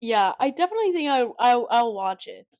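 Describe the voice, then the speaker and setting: A woman co-hosting a casual podcast, chatty and quick to react with exclamations. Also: on the high side, big pitch swings, a little mellow, dry recording, clean studio sound. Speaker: podcast co-host. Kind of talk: casual chat. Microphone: cheap desk mic.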